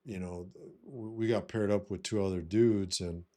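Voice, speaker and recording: Swaggering low-voiced man, blunt. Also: fairly even intonation, normal speed, mellow. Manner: profane, keeps saying "you know what I mean". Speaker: vlogger giving life advice. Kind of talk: casual monologue.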